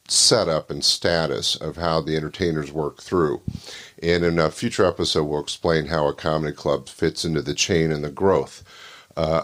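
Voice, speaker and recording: An older man hosting a comedy show, introducing the next act in a relaxed way with lots of filler words. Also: a bass voice. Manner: relaxed, filler-heavy talk. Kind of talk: casual introduction.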